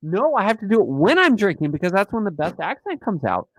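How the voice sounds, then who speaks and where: A man's voice: sits high, very animated, fast talker, fairly bright tone, no room sound, rough recording. A man hosting a casual live stream, joking and rambling in a playful, silly way.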